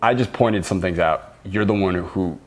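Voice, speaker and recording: A man's voice: sits low, normal speed. A man hosting a casual podcast conversation as a business mentor, talking bluntly and swearing freely.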